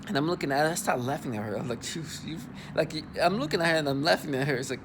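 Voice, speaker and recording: Indignant man, halting repeated words. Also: a little high, background noise. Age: adult. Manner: indignant, disgusted. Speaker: vlogger. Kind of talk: agitated personal monologue.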